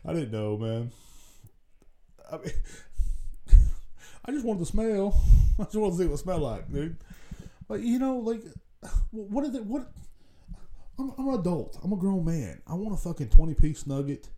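Profane rambling man with a dark voice. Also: high voice, big pitch swings, moderate pace, long pauses. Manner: profane, rambling, laughs at his own jokes. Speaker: podcast host. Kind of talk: casual solo rant.

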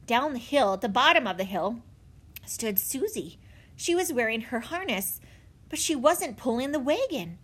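A woman narrating a children's audiobook in an expressive storytelling manner. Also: fairly high pitch, moderate pace, slightly rough. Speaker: audiobook reader.

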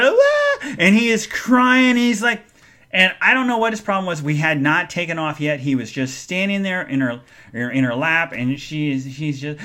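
Animated male podcast host, lively voice. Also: fairly high pitch. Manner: animated, addresses the audience directly; reads and answers listener chat comments. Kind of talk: live-show storytelling.

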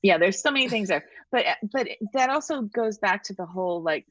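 A woman's voice: medium pitch, expressive, brisk, fairly bright tone, no room sound. A woman co-hosting a casual podcast chat, talking in an emphatic, reflective way.

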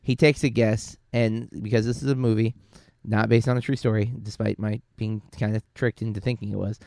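Gravelly low-voiced man chatting casually. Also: little pitch movement, a little fast, a little mellow, no echo, studio quality. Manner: rambling, self-correcting, filler-heavy. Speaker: podcast co-host. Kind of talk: casual film discussion.

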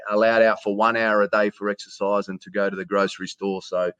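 A man's voice: fairly low pitch, flat delivery, a little fast, a bit bright, clean tone, no room sound, muffled recording. A man with an Australian accent, a stadium announcer chatting as a guest on a podcast, rambling and repeating words, calling the host mate. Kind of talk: casual podcast conversation. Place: hotel quarantine room.

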